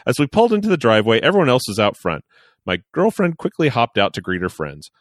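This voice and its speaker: A man's voice: mid-range voice, fast, no echo, studio quality. A man co-hosting a podcast, reading a listener's letter aloud with jokey asides. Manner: animated, jokey, reads aloud with playful asides. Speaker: podcast co-host.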